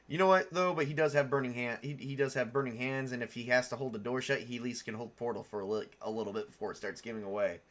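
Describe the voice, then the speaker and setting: Man, casual streamer, rambling, chuckling, self-correcting, middle pitch. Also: fairly bright tone. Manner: rambling, thinks aloud, chuckles often; self-correcting, answers viewer questions. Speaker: streamer building game characters. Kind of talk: casual live-stream chat.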